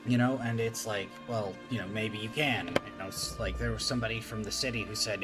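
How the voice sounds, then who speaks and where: A man's voice: lowish voice, steady tone, a little fast, hardly any pauses, over music. A man from Appalachia with a faint rural accent, chatting casually as a streamer and telling rambling stories full of fillers. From Appalachia, USA. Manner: rambling storytelling with many fillers. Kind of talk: casual chat while gaming.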